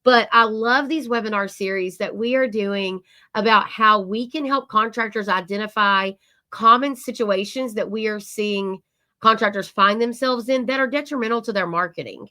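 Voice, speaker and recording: A woman's voice: medium pitch, moderate pace, bright, forceful tone. A middle-aged woman hosting a webinar conversation in an upbeat, enthusiastic way. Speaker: webinar host.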